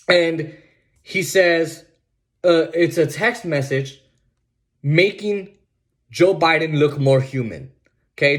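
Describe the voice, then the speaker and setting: A male podcast host with a fairly high voice, delivering political commentary. He sounds sarcastic and mocking, hammers his points by repeating them, and breaks off to restart his sentences. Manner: emphatic and repetitive, restarts sentences.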